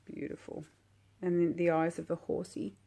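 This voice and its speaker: A woman calmly unboxing a tarot deck while sitting on her floor, gushing and admiring each card at an unhurried pace. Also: fairly low pitch, vocal fry. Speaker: tarot vlogger. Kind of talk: relaxed unboxing commentary.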